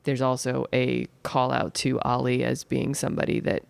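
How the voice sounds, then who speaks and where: A man's voice: medium pitch, completely flat delivery, moderate pace, gravelly, smooth, dry recording. A man in a casual film podcast, thinking aloud reflectively about a character's meaning. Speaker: podcast co-host.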